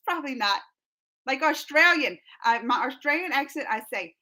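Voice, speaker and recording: Chatty higher-voiced woman streamer. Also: expressive, moderate pace, pushed and bright. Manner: chatty and rambling, says "like" a lot. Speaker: live-stream host reading chat. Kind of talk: casual live-chat talk.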